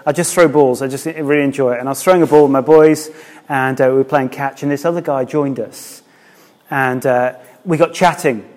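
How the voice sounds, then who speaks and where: A man's voice: mid-range voice, steady tone, a little fast, a little mellow, big-room sound. A man, a church minister, preaching a sermon in a candid, conversational way.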